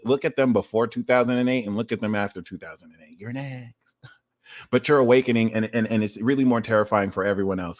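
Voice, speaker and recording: A man hosting an astrology reading livestream, talking in an animated, profane rant and sometimes shouting. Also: on the low side. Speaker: astrology reader.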